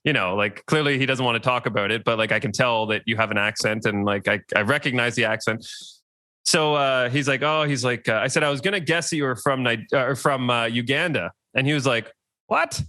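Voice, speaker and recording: A man co-hosting a podcast, telling stories in a relaxed, chatty way and laughing easily. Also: mid-range voice, brisk, no room sound. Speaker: podcast co-host. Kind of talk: casual chat.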